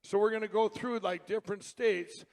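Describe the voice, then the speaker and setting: High-voiced man hosting excitedly. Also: normal speed. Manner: rambling, excitable, pointed. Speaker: event host. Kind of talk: live presentation to an audience.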